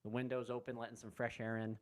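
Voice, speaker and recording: A man hosting a casual live stream, greeting chat viewers by name and rambling in a relaxed way from a room at home. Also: medium pitch, fast. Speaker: livestream host. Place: room at home with window open.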